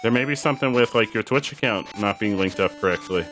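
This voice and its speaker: A man's voice: fairly low pitch, fast, a bit bright, soft background music. A man streaming a game, chatting casually and explaining things to viewers, often repeating himself. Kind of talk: casual live-stream chat while gaming.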